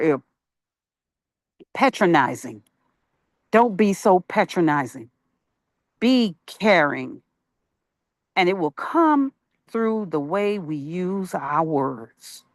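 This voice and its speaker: A broadcast host giving an unscripted spiritual talk on peacemaking, halting and searching for words, asking the listener questions. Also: medium pitch, no echo.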